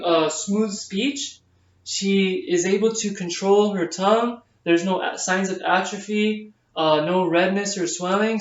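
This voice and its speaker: A man, a nursing student, talking through a head-to-toe physical exam step by step, with frequent fillers. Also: high-pitched. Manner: explains each step aloud, with frequent fillers. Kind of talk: narrated physical exam demonstration. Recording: distant, echoey, dull camera audio.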